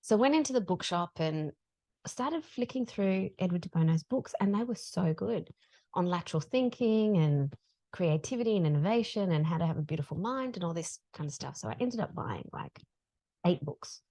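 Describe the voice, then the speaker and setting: A middle-aged woman, a podcast guest telling a story in a casual, animated way. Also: on the low side, moderate pace. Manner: animated, acts out dialogue in her stories.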